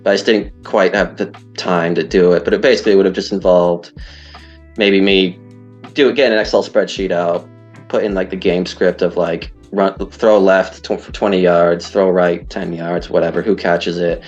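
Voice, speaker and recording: A man's voice: deep voice, fairly even intonation, normal speed, darkish tone. A man, chatting casually as an interview guest, rambling and self-deprecating. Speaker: guest, league player. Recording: dull lo-fi audio, faint music.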